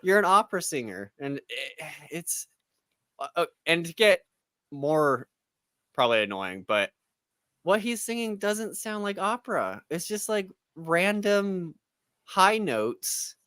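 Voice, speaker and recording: A man's voice: sits high, sing-song, slow, fairly bright tone, clear, resonant tone, dry recording, clean studio sound. A man co-hosting a casual spoiler chat, ranting in an exasperated tone and mocking what he dislikes with quoted asides. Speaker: podcast co-host.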